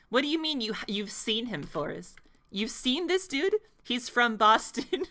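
Woman, game streamer, bright voice, giggly, chatty, playful. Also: on the high side, sing-song, unhurried. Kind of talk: casual gaming stream chat.

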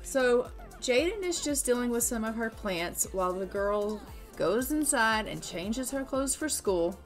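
A woman's voice: fairly high pitch, animated, unhurried, soft background music. Chatty, sarcastic woman narrating gameplay. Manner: chatty, sarcastic, exclaims freely. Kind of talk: casual let's-play narration.

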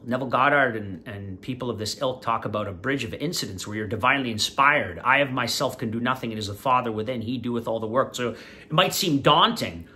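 A man hosting his own channel, casually commenting on an interview and speaking directly to his viewers in a preachy, animated way. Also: on the high side. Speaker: vlogger, channel host.

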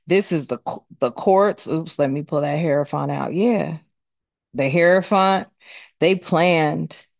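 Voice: medium pitch, a little slow, vocal fry, dry recording, muffled recording. A tarot reader giving a casual card reading, talking bluntly with plenty of swearing and rambling fillers.

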